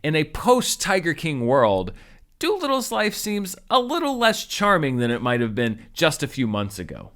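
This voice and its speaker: A man giving a spoken movie review in a wry, animated way, jumping high in pitch for emphasis. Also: normal speed. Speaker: film critic.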